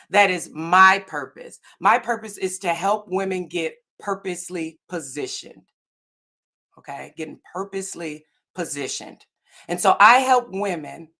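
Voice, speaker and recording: A woman's voice: fairly low pitch, bright, forceful tone. A woman giving an earnest, faith-based motivational talk on a video call, often checking in with "right?" and "okay?". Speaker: summit speaker.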